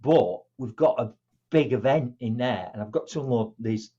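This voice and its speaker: A man's voice: medium pitch, moderate pace, warm tone, breathy edge, lo-fi sound. A middle-aged man, a motivational speaker telling stories in an interview and acting out the dialogue in different voices. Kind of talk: conversational storytelling.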